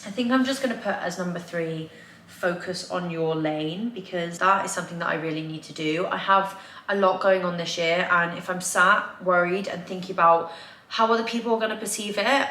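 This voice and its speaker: A young English lifestyle vlogger talks casually at home in a lowish, pushed and bright voice at a moderate pace. Her confessional vlog is chatty and candid, packed with "like," recorded in an echoey room with faint ambience.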